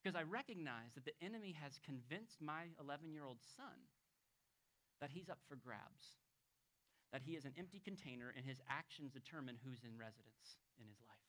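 A male pastor delivers a sermon with real intensity, sinking into near-hushed, earnest passages before climbing back into loud, urgent bursts. His voice is bright and forward, sitting in a middle pitch. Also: lively intonation, normal speed. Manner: emphatic, swinging from hushed to loud exclamations.

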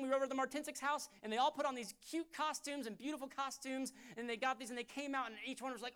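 A pastor delivering a sermon in church, talking conversationally and fervently, dropping to a hush and then rising loud again. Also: male voice, very high voice, fast, hardly any pauses, clear, resonant tone. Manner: fervent, conversational preaching that swings from hushed to loud.

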